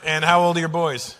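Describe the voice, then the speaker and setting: A man doing stand-up comedy from Canada, animated and teasing the audience as he tells stories on a large theater stage. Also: fairly high pitch, noisy background. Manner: animated, teasing audience members, puts on voices. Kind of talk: stand-up comedy with crowd work.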